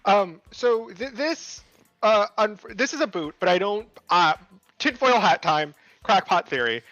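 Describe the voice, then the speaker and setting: A man's voice: high voice, lively intonation, measured pace, fairly bright tone, no room sound, soft background music. A man co-hosting a podcast, rambling through casual chat with many fillers and restarts. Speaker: podcast co-host. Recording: slightly dull lo-fi mic.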